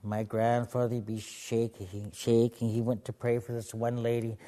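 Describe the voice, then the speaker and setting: A man from the Pacific Northwest telling stories and spiritual teachings to a gathering in a gentle, humorous way. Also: medium pitch, completely flat delivery, moderate pace, few pauses, in a large hall. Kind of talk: live storytelling to a gathering.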